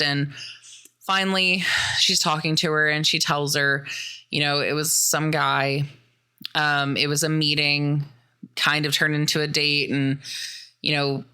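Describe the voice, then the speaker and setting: Female podcast host, low bright voice, animated swearing movie recap. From American Midwest. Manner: animated retelling, acts out quotes, swears often.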